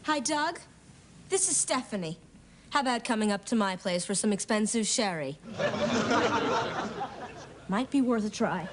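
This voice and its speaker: A woman's voice: fairly high pitch, animated, unhurried, long pauses, a loud crowd. A wry, self-mocking teenage girl. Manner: dry, self-deprecating quips. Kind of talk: 1980s sitcom acting. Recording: noisy old TV sitcom audio.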